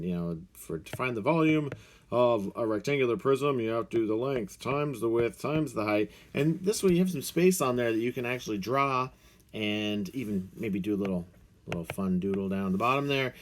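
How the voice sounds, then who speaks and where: An energetic man talks through screencast tips like a teacher. His pitch swoops up and down in a lively, animated way, and he keeps the tone playful and excited. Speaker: teacher making a screencast tutorial. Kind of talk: upbeat instructional talk to camera.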